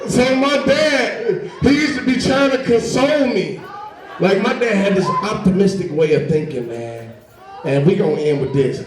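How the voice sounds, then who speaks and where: A young man doing a stand-up comedy set, telling stories with animated delivery and popping into high voices for his younger self. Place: comedy stage before a laughing audience. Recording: roomy live sound from a distant mic. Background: audience laughter.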